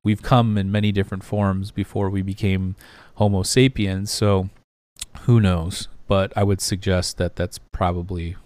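A man with a low-pitched, smooth and clear voice hosts a casual podcast chat, hesitating often and filling gaps with ums as he walks through pictures. The sound is close and dry, with no room around it. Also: level tone, unhurried, darkish tone, dry recording. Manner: rambling, hesitant, many fillers. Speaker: podcast co-host.

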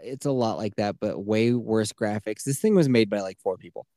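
A man co-hosting a casual podcast, recapping a story game in a loose, profane way. His voice sits warm and mellow, recorded close and dry with no room around it. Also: lowish voice, normal speed, no room sound. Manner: loose, swearing, quotes characters in his own voice. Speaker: podcast co-host. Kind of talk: casual chat, retelling a video game story.

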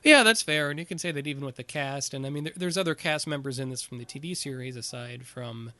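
A man co-hosting a podcast, chatting casually about a movie and recapping its plot in a halting way, with plenty of fillers. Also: mid-range voice, sharp tone, no room sound. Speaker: podcast co-host. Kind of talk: casual movie review chat.

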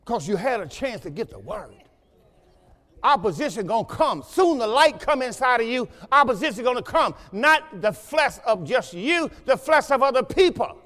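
A man pastor preaching a sermon, moving from conversational teaching to loud, rising exhortation in a church sanctuary. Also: very high-pitched, very animated, moderate pace, hardly any pauses, long reverb tail.

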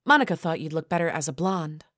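A woman's voice: deep voice, lively intonation, fast, fairly bright tone, no echo, studio quality. A woman voicing a domineering young woman who leads a cruel sorority, in an audiobook reading. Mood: cold. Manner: contemptuous, commanding. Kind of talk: audiobook character voice.

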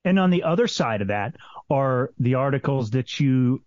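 Brief: male co-host, teasing, self-deprecating, mid pitch, muffled lo-fi sound. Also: animated, normal speed, a little mellow, dry recording. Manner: joking, self-deprecating, restarts sentences. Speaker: podcast co-host. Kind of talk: casual chat. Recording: dull lo-fi dry audio.

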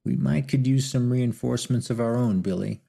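A man voicing an amused Old West gunslinger who jokes in a rough frontier drawl. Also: mid-range voice, normal speed, dark tone. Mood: joshing.

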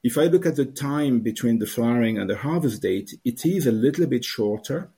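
A man's voice: medium pitch, expressive, a little fast, warm tone, slightly rough. A wine grower answering interview questions at length, with frequent "uh" fillers as he explains. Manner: hesitant, many "uh" fillers, explanatory.

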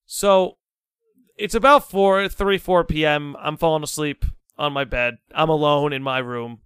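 A young man guesting on a podcast, telling a story in a casual, animated, dramatic way and swearing freely. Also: fairly high pitch, a little slow, smooth, dry recording.

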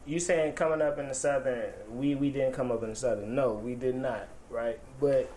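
A man's voice: mid-range voice, steady tone, normal speed, darkish tone, a little hiss or hum. A man hosting a heated casual debate, insistent and argumentative. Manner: insistent, argumentative, keeps claiming the floor.

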